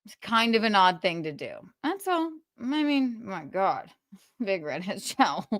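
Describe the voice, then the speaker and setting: A woman's voice: medium pitch, sing-song, a little slow, fairly bright tone, no echo, clean studio sound. A woman hosting a livestream, ranting in a sarcastic, profane way and laughing between jabs. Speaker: livestream host.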